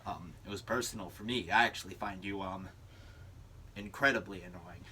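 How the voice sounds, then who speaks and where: A young man playing a dry, sarcastic male ad man with a deadpan delivery. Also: low-pitched, moderate pace, a little hiss or hum, pitched below the performer's own voice. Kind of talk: speech-team comedy performance.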